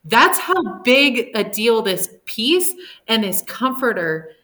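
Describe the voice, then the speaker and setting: Woman, mid pitch, soft-spoken, affirming murmurs, lively paraphrasing of scripture in a casual chat. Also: takes it slowly. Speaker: bible study co-host. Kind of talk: casual bible study discussion.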